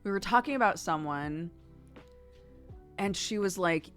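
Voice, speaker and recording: Low-voiced chatty American woman. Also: expressive, unhurried, fairly bright tone, faint music behind. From United States. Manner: rambling, chatty, laughs often. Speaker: streamer. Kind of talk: casual chat with chat.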